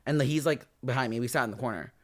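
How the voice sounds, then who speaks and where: A young man telling a story in casual chat as a guest, animated and acting out what other people said. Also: fast talker. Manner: animated storyteller, acts out quoted people in high yelps.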